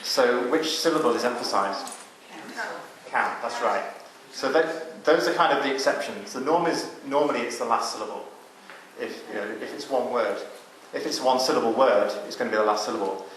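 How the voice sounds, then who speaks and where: A man's voice: medium pitch, moderate pace, fairly bright tone, a little hiss or hum. A man leading a psalm chanting workshop, explaining each step to the group and singing example lines. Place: cathedral. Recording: very echoey cathedral with music.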